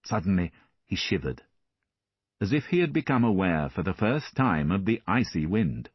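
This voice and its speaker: A man reading a classic novel aloud as an audiobook narrator, measured and expressive. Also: low voice, husky, no room sound, muffled recording.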